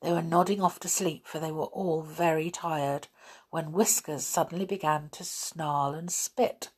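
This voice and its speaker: A woman reading a children's story aloud in a gentle, expressive way. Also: sits low, measured pace, breathy edge. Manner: gentle, expressive, with soft laughs.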